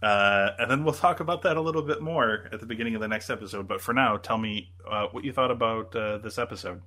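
A man's voice: lowish voice, fast talker, bright, forceful tone. A man co-hosting a podcast, chatting casually and rambling with lots of fillers and restarts. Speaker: podcast co-host. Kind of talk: casual chat.

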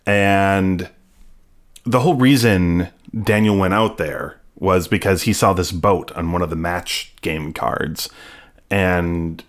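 A man with a notably deep, low-pitched voice talks through an episode in a relaxed podcast chat. He rambles along with plenty of fillers and throws in playful asides as he recaps. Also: slow. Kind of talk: casual chat.

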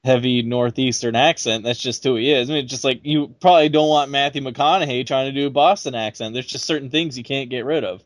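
Man giving measured opinions, dry sound. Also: medium pitch, steady tone, dry recording. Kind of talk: casual chat.

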